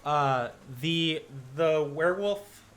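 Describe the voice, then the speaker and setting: Bright-voiced man narrating a tabletop game. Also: a little high, slow. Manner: rambling, loose narration with many fillers. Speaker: game master.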